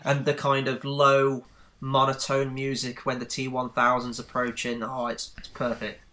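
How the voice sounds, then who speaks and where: A man's voice: mid-range voice, monotone, normal speed, sharp tone. A man co-hosting a film podcast, chatting eagerly about movies. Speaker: podcast co-host. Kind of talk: casual film chat.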